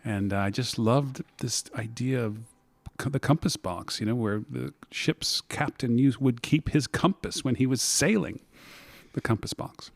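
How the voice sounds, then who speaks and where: A man's voice: mid-range voice, measured pace, vocal fry, dry recording. A middle-aged American man telling his story as an interview guest, reflective and prone to restarts. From United States. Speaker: guest, whisky maker. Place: blending room in an office.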